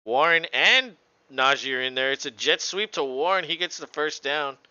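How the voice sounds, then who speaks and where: A man casually calling a football game play by play, relaxed, laughing often and swearing freely. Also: a little high, normal speed, smooth, dry recording, lo-fi sound. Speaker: co-host doing play-by-play.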